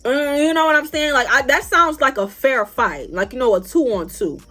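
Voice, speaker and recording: A young woman telling a story to her vlog audience in an animated, profane, casual way. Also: high voice, moderate pace, faint music behind. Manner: animated, profane, acts out other people's lines. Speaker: vlogger.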